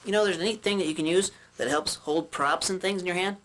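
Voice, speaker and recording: A man's voice: sits high, quick pace, fairly bright tone. A man casually teaching puppetry with chatty asides and a few slips of the tongue. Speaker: puppetry instructor. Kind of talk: puppet instruction skit.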